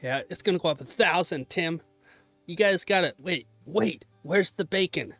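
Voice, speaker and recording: A man's voice: high voice, animated, moderate pace, sharp tone, dry recording, faint music behind. A young man chatting casually on a live stream, joking about himself and cheering his trades on. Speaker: livestreaming day trader.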